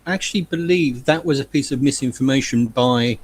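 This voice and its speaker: A man's voice: mid-range voice, brisk, breathy edge. Hesitant man on a video call. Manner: hesitant, many ums and restarts. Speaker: guest in a hangout. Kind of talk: casual live hangout chat.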